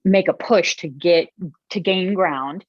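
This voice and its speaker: A woman's voice: fairly low pitch, slow, no echo, dull audio. A woman podcast guest telling hunting stories in a casual, chatty way, full of "like" and "you know" fillers. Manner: chatty, many fillers, gets emotional when telling stories. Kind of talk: casual interview storytelling.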